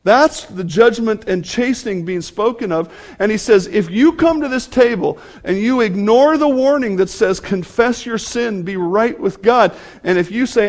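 A man's voice: sits high, lively intonation, unhurried. A man preaching a sermon to his congregation, speaking earnestly and addressing them directly. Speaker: pastor.

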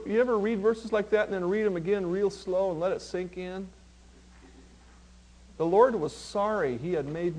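A male pastor preaching a sermon, reading scripture slowly and with emphasis, then talking plainly to his congregation. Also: sits high, a little mellow.

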